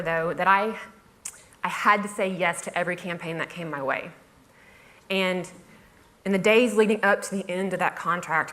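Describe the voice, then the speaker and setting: A woman's voice: on the low side, fairly bright tone. Wry woman telling a story on stage. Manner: wry, self-mocking, laughs through her lines. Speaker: conference speaker. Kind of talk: humorous storytelling talk. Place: festival stage before a laughing audience.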